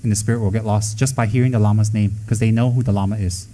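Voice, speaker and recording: A man giving a Buddhist dharma talk to students, blunt and scolding, with joking asides and quick acted-out quotes. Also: on the low side, steady tone, warm tone, rough recording. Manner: acts out quoted voices. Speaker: Buddhist teacher.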